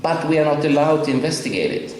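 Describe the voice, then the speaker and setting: A man from Sweden with a Swedish accent, giving a conference lecture in English, emphatic and wry with halting fillers. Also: on the high side, expressive, a little mellow. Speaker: professor giving a conference talk. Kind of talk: public lecture. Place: large lecture hall. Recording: very echoey hall with long reverb, faint hiss.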